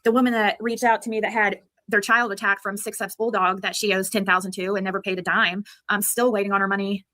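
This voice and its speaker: A woman streamer talking casually on a livestream, rambling and halting. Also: medium pitch, little pitch movement, pushed and bright, no echo.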